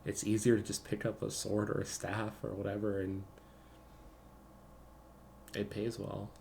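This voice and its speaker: A man voicing a weary young woman mercenary with a gravelly, scarred voice, sounding resigned in a tabletop game. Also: on the low side, monotone, a little slow, a little mellow, slight background noise. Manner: resigned, pleading.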